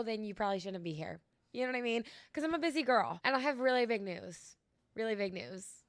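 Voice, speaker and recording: A woman's voice: on the high side, dry recording. A woman in her twenties from Louisiana with a light country twang, chatting sassily and rambling on her podcast. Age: 20s. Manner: chatty, sassy, rambling with many likes. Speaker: podcast host. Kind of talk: casual solo podcast chat. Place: home room with washer and dryer running.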